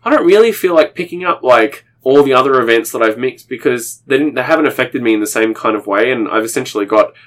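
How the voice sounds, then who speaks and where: A man from Australia co-hosting a podcast, telling stories in an excitable, meandering way. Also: medium pitch, fast talker, few pauses. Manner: excitable storyteller, many fillers and restarts, laughs often. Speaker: podcast co-host. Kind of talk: casual chat.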